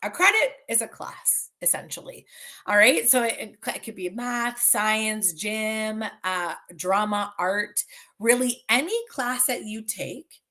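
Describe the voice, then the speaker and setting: A woman's voice: on the high side, animated, unhurried, sharp tone. Chatty Canadian woman presenting on a video call. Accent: Canadian English. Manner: friendly, chatty, many fillers and restarts. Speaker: school board student success facilitator. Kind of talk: virtual information session presentation.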